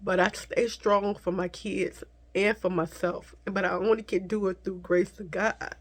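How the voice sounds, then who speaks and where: Tearful woman speaking softly, halting. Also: mid-range voice, little pitch movement. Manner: soft, halting, slips into whispers, addresses viewers as y'all. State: tearful, crying at times. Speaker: vlogger. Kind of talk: emotional storytime to viewers.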